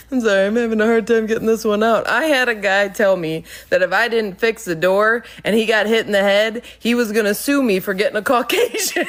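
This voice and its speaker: Her employees are the subject of this comedic storytelling monologue from a woman who manages a workplace. Speaking at a moderate pace in a voice on the high side, she stays animated, laughs mid-sentence, and curses freely.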